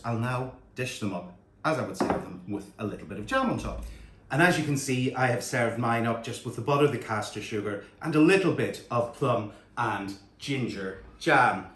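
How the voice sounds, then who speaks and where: A man's voice: mid-range voice, animated, normal speed, a bit bright. A man hosting a home cooking demonstration, talking chattily and admiring the food as he goes. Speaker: cooking show host. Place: home kitchen. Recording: echoey room with faint kitchen clatter.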